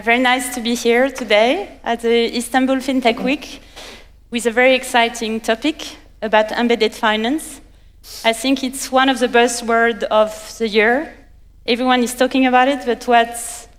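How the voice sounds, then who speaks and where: A woman with a French accent moderates a conference panel, her voice smooth and a touch high. She sounds friendly and a little halting. The sound carries a long reverb from a big hall. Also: steady tone. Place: conference stage.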